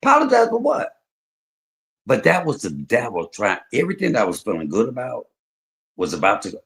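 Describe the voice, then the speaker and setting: A man hosting a livestream, telling stories in casual chat, swinging between loud and soft. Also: on the low side, big pitch swings, fast, creaky. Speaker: livestream host.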